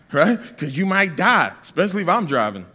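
A man in his thirties from Massachusetts preaches with a high, bright voice that leaps up and down in pitch. He reads scripture slowly, then jokes and tells stories with the room. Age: 30s. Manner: animated, joking storyteller with Bible readings. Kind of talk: sermon.

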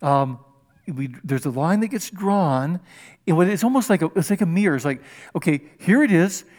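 An older man preaching a sermon, animated and conversational, acting out little scenes of dialogue as he teaches. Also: sits high, moderate pace. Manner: animated, acts out dialogue with rising and dropping voice. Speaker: pastor.

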